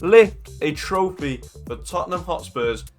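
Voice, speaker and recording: Excitable man commentating his own football game. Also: high-pitched, measured pace, soft background music. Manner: excitable, chatty, shouts at goals. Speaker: gaming YouTuber. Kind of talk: casual gameplay commentary.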